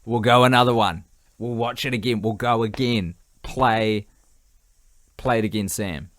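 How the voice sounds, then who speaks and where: A tired, hungry man co-hosts a podcast, rambling, joking and casually swearing in relaxed chat. His voice is on the low side and fairly bright, at a measured pace, with a little hiss or hum in the recording.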